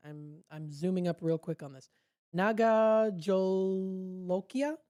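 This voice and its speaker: A woman's voice: sits low, fairly even intonation, fairly quick, warm tone. A woman hosting a casual food segment on local radio, chatty and upbeat, laughing at her own jokes, speaking into a studio microphone.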